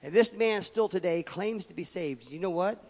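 A man's voice: high voice, moderate pace. Emphatic man preaching in a hall. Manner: emphatic, swings from loud to quiet asides. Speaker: pastor. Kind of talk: sermon. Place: church sanctuary. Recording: long reverb of a church hall.

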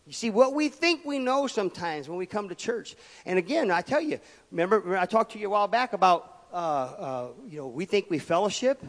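A man delivers a sermon in a slightly high voice, surging to loud emphasis and falling to murmured asides. His words ring out with the long reverb of a church hall. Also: very animated, fairly quick. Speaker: pastor. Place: church sanctuary.

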